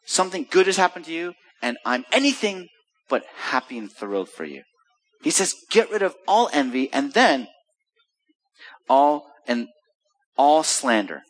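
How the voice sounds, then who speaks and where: A man's voice: on the high side, big pitch swings, measured pace. A middle-aged American man preaching a sermon as pastor, asking his listeners rhetorical questions and mixing in jokes. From United States. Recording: long hall reverb.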